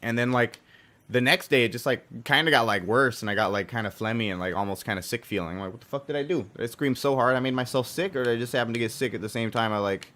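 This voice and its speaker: A young man streaming a racing game live, talking casually and profanely while he plays, with a hoarse, strained voice and sudden loud outbursts. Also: medium pitch, fast talker. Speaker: gaming streamer.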